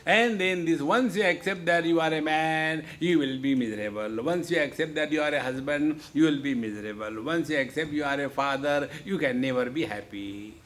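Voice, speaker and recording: A man's voice: on the high side, moderate pace, hardly any pauses, a bit bright, slight background noise. A man giving a humorous spiritual discourse, joking and often repeating "see, friends". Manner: jovial, repeats "see, friends", playful asides. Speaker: spiritual teacher. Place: lecture hall.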